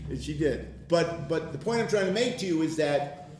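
A man's voice: a little high, sing-song, slow pace, darkish tone, a little hiss or hum. An older man leading an informal Bible study, telling stories in a conversational way and laughing often. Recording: very echoey room.

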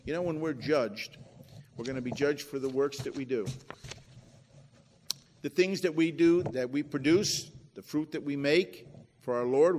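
A high-voiced man delivers a sermon, talking to his listeners conversationally and pressing them with rhetorical questions. He reads out scripture verses between his points. His voice trails off into a long reverb, as in a large hall. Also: darkish tone, slight background noise. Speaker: preacher.

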